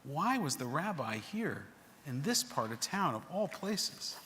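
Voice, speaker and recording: A man's voice: fairly high pitch, measured pace, a little hiss or hum. A man leading a synagogue service who tells a story expressively and leads prayers. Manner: dramatic, expressive narration. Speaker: service leader. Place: synagogue sanctuary. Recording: reverberant sanctuary recording.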